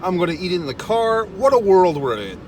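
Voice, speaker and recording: A man with a high, sing-song voice, a little mellow and fairly quick, is heard over a bit of hiss or hum. He's a vlogger ranting comically in a parked car, exasperated, cursing constantly and chuckling at himself as he tells the story.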